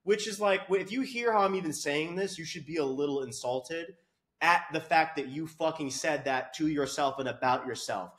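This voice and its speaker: Man, fitness coach, profane comic rant, brash and mocking, high-pitched. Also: moderate pace, a bit bright. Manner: brash, crude, swearing, mocking. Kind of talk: profane comedic rant to camera.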